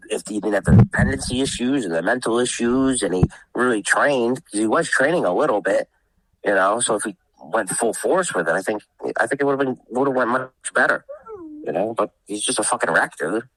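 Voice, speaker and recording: A man's voice: lowish voice, lively intonation, normal speed, a bit bright, rough recording. A man co-hosting a podcast, telling profane stories in casual chat. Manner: profane, laughing anecdote-teller. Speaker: podcast co-host.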